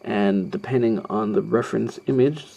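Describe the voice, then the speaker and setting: A man's voice: fairly low pitch, moderate pace, gravelly, mellow, husky. A man talking through a drawing tutorial as he sketches, hesitant and rambling, with many ums and self-deprecating asides. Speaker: art tutorial host. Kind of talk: narrating a live drawing tutorial.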